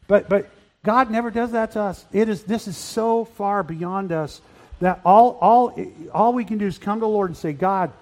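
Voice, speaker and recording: An older man preaching a sermon, earnest, rising to loud emphatic peaks. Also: high-pitched, normal speed. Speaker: pastor. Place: church hall.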